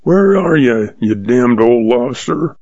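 A man reading a scornful, drawling cowhand in a western audiobook, with a gravelly voice. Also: mid-range voice, expressive, slow, a little mellow, dry recording, muffled recording. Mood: sneering. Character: surly sneering male cowhand, middle-aged.

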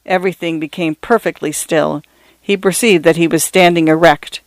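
A man narrating a story in a measured, descriptive reading, sometimes turning to speak directly to the listener. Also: on the high side, fairly even intonation, no echo.

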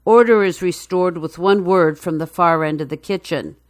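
A woman reading a news feature story in a measured, even narration. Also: on the low side, no echo, studio quality.

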